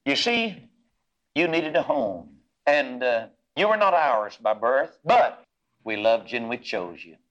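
A man's voice: big pitch swings, slow pace, a bit bright, lo-fi sound. A man voicing a loving adoptive father, talking tenderly and earnestly to his son. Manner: tender and low, then rising to earnest.

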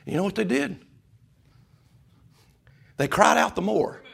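A man preaching a sermon, swinging from loud shouting to hushed whispers. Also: high-pitched, lively intonation, slow pace, vocal fry, breathy edge. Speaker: pastor.

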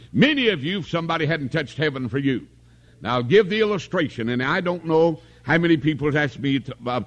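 Older male revival preacher, slightly high voice; folksy storyteller who asks for amens. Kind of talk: revival sermon. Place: tabernacle.

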